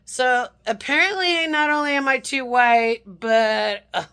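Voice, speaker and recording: A woman's voice: sits high, unhurried, fairly bright tone. A woman telling an angry story about phone calls, quoting what others said in an indignant, outraged way. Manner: indignant, recounting phone calls with quoted voices. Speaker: vlogger.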